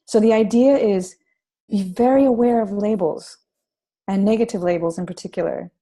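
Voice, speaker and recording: A woman's voice: mid-range voice, normal speed, dark tone. A woman, a parenting author, chatting as an interview guest and telling stories with many restarts and fillers. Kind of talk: casual interview conversation.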